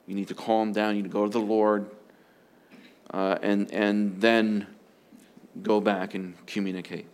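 A man's voice: on the low side, little pitch movement, measured pace. A man preaching as a pastor, earnest and emphatic, often repeating his phrases for stress. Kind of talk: sermon on marriage.

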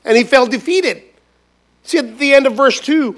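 A man preaching a sermon as a pastor, emphatic and repetitive, swinging between loud stresses and hushed lines. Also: very high-pitched, expressive, normal speed. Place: church gathering.

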